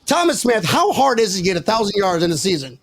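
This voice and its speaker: A man with a high, very animated voice and a gravelly edge hosts a sports podcast. He jokes and teases in excitable, casual banter, swinging his pitch up and down as he argues. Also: fast talker. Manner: joking, excitable, teasing. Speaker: podcast host.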